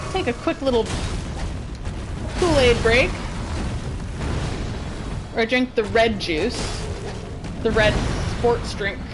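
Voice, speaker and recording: Bubbly, giggly high-voiced woman. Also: lively intonation, slow, long pauses, music in the background. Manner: bubbly, giggly, chatty with many "like"s. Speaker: game streamer. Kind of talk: casual chat while playing.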